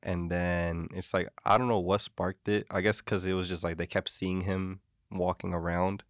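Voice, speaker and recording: A man's voice: deep voice, level tone, moderate pace, dry recording, studio quality. A man co-hosting a casual chat, telling a story in a rambling way full of "like".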